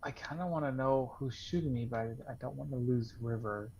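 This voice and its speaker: A man playing in an online tabletop game, speaking quietly and hesitantly in casual chat. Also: mid-range voice, fairly quick, a little hiss or hum, poor audio. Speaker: player.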